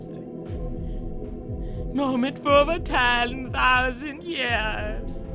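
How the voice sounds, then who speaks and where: High pompous villain, theatrical, a woman putting it on, slow, music underneath. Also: exaggerated voice. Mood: boastful. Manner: boastful, theatrical, stumbling over words. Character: ancient grandiose male villain, self-proclaimed god. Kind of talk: reading game dialogue aloud in a put-on voice. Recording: game music playing behind.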